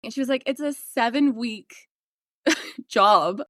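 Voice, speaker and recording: A woman in her thirties, a podcast guest telling her story in a casual, animated way, laughing often and acting out what she once said. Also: fairly high pitch, slow pace, no echo, studio quality.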